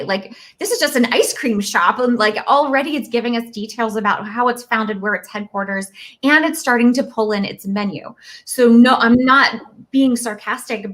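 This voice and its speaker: A woman's voice: a little high, fairly bright tone. A woman from Virginia giving a chatty, upbeat guest presentation and laughing often. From Virginia, United States. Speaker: guest speaker. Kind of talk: casual explanatory presentation.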